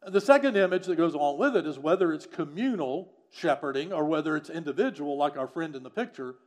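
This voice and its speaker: A man with a fairly high voice preaches a sermon. He explains a scripture passage in a teaching manner. He often sinks quieter on key phrases. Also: lively intonation, fast talker. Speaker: pastor. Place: church or studio with a screen.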